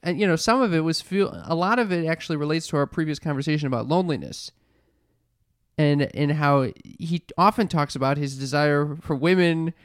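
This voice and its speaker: A man's voice: fairly high pitch, brisk, clean tone, dry recording, clean studio sound. Profane, emphatic man on a podcast. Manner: emphatic, profane, stammering restarts. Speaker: podcast co-host, stand-up comic. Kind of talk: casual podcast chat.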